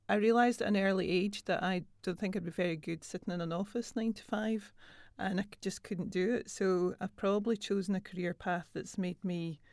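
A woman guest speaking in a measured, thoughtful way in casual chat. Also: mid-range voice, fairly even intonation, a little mellow, dry recording, studio quality.

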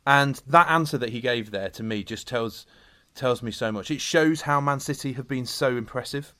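A man hosting a podcast in casual, animated chat, telling jokey stories about a guest. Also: medium pitch, moderate pace. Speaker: podcast host.

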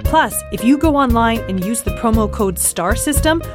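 A woman's voice: a little high, animated, moderate pace, over music. A woman, the show's producer, delivering a parody commercial in a mock-cheerful, sarcastic sales voice. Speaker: podcast producer. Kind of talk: parody ad read.

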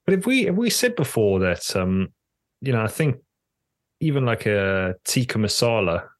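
A man's voice: on the low side, sing-song, normal speed, no echo, clean studio sound. A man from the UK co-hosting a podcast, thinking aloud in a hesitant way with trailing questions. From United Kingdom. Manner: hesitant and musing, many fillers and trailing questions. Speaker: podcast co-host. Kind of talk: casual chat.

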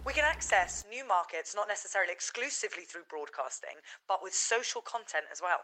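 A droning corporate PR woman, played by a woman, with a bright, forceful voice and a lively up-and-down pitch as she runs through presentation jargon. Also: a little fast, low-quality recording. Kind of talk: comedy audio drama.

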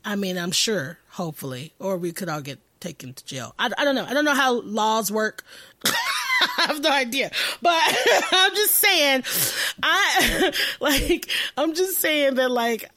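A woman hosting a podcast, talking in a profane, animated and rambling way, often laughing and correcting herself. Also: high-pitched, unhurried, dry recording. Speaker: podcast host. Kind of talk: casual podcast monologue.

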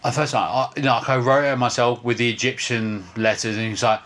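A man's voice: mid-range voice, little pitch movement, fast, a bit bright. A man, a father and podcast co-host, telling rambling, crude comic stories full of swearing and "I was like". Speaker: father of twins.

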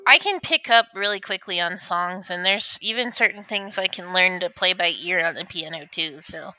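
Bright-voiced woman chiming in agreeably. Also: lowish voice, soft background music. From Illinois, USA. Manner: agreeable, quick to laugh. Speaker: co-host, host's sister. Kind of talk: casual movie commentary chat. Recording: dull, muffled sound.

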